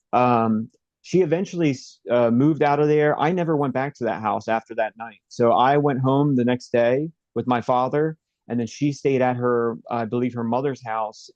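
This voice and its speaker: A man interview guest recounting a personal story in a halting, rambling way, with many fillers and restarts. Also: medium pitch, darkish tone, dry recording, dull audio.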